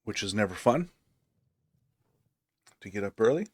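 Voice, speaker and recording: Streamer, male, low-pitched, relaxed rambling delivery, dry room sound. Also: a little slow, husky, no echo. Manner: relaxed, rambling, thinking aloud with fillers. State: hiccups. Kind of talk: casual gameplay commentary.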